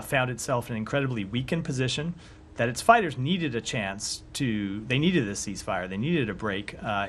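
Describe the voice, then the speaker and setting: Hoarse guy at a podium mic in a briefing room, steady, lots of ums, faint hiss behind. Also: medium pitch. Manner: measured, frequent fillers, hoarse throat-clearing. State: hoarse, coughing. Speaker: government spokesperson. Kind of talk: press briefing answers.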